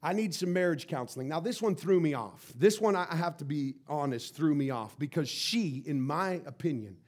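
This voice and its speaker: High-voiced pastor telling a story. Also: male voice, normal speed. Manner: animated, stammering repetitions. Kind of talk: sermon storytelling.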